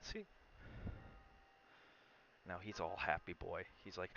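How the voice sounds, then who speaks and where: A man's voice: low-pitched, fairly even intonation, slow, gravelly, long pauses, bright, forceful tone, muffled recording, slight background noise. A man streaming from home, chatting casually with viewers, coaxing his dog and reading aloud.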